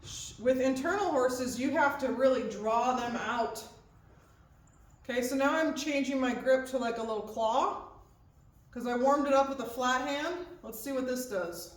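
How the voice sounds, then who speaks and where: A woman's voice: sits high, a little slow. A woman horse trainer giving hands-on instruction, explaining each step and checking in with "okay?" as she goes. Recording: echoey, distant mic with faint background noise.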